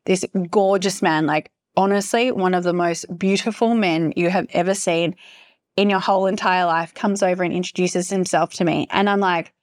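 A young woman hosting a podcast, telling a story in a gushing, animated way and swearing freely. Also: medium pitch, a little fast. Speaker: podcast host. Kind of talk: casual storytelling.

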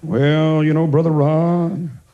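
High-voiced impassioned male preacher. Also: little pitch movement, slow pace, warm tone, highs cut off. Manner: impassioned, swings from chanted singsong peaks to low storytelling. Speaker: pastor. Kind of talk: revival sermon. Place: church service before a congregation.

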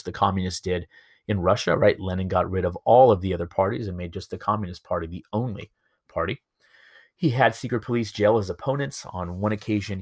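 A man teaching history over slides in a relaxed, storytelling way, with many fillers and asides. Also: low-pitched, no echo, studio quality. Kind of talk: recorded lecture over slides.

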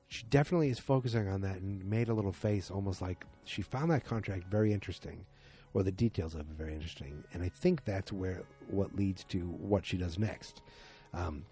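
A man recapping a TV episode in a casual, rambling way, full of fillers and clearly moved by what he describes. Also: on the low side, animated, brisk, dark tone, faint music behind. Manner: rambling, filler-heavy, emotionally invested.

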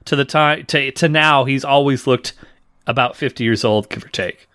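A man's voice: medium pitch, normal speed, a bit bright, no room sound, clean studio sound. A man co-hosting a podcast, recapping a wrestling match in casual chat and teasing his partner. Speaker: podcast co-host.

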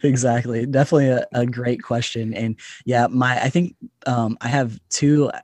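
A man's voice: medium pitch, steady tone, normal speed, darkish tone, no room sound. A man guesting on a podcast, chatting enthusiastically with frequent laughs. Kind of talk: casual podcast chat.

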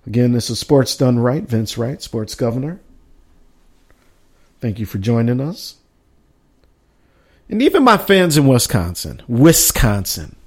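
A man hosts his own live sports show, reading off player names one by one and tossing in quick asides. His voice sits at an ordinary pitch. He sounds like he is talking into a home podcast mic. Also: a little mellow. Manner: reads out a list with running asides. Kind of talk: casual live sports talk.

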